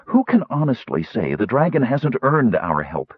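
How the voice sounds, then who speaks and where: A fiery woman warrior argues her case with force and conviction, as a male reader puts her on. The voice is husky and dry, with lively, swinging pitch. The sound is dull and lo-fi. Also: normal speed, no room sound. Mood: persuasive. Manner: forceful, persuasive.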